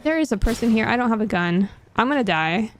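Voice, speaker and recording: A woman's voice: on the high side, expressive, fast talker, slight background noise. A woman streamer chatting casually while she plays a game, thinking aloud and mocking herself. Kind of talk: casual gaming stream chat.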